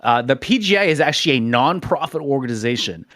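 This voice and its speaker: A man in a middle pitch co-hosts a chatty podcast among friends. He reads out topic intros, then falls into loose talk full of restarts. His voice sits close and dry, with no room sound. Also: animated, quick pace, fairly bright tone, dry recording. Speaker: podcast co-host. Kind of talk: casual chat.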